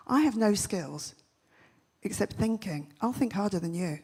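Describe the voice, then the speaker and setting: A woman giving a comic keynote talk on stage, telling punchy stories with quick, brash jokes. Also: mid-range voice, expressive, darkish tone, breathy edge. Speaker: festival speaker. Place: large event stage.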